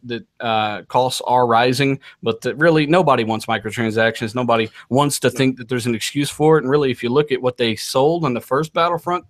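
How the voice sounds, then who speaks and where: Measured man explaining on a podcast. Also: medium pitch, fairly bright tone, dry recording, studio quality. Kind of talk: casual roundtable debate.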